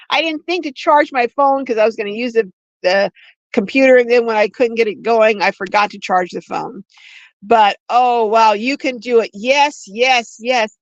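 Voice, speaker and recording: A woman's voice: on the high side, no echo. Chatty older woman, dull phone audio. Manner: rambling, chatty, frequent restarts and slow drawn-out words. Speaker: livestream host. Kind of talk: casual livestream chat reading viewer comments.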